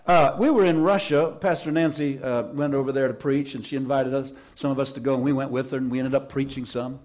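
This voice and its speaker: A man's voice: mid-range voice, fairly even intonation, a little fast, a little mellow. A man preaching a Pentecostal sermon in a church service, fervent and emphatic, repeating his key phrases for weight. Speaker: pastor.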